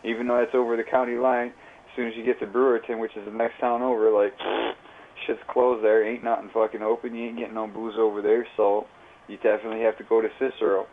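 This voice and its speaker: The sound is tinny and phone-like with a slight hiss or hum. Over it, a man with a fairly low, level voice talks fast, rambling through a profane story in slangy, casual chat on his livestream.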